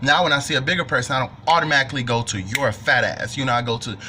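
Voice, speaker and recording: A young man telling a personal story to camera in an animated, joking, profane way. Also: mid-range voice, racing, a little hiss or hum. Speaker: vlogger. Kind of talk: storytime monologue.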